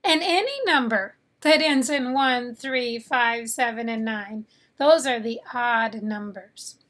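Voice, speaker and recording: A woman teaching phonics with a high, clear voice. She drills each sound very slowly and deliberately, pausing so the learner can repeat. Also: fairly bright tone. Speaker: English teacher. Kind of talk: phonics lesson.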